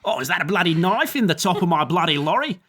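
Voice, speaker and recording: A man's voice: high-pitched, big pitch swings, quick pace, pushed and bright, heavily acted. A man voicing a panicky, sweary male truck driver with an Australian accent in a tabletop game. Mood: indignant. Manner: indignant, sweary.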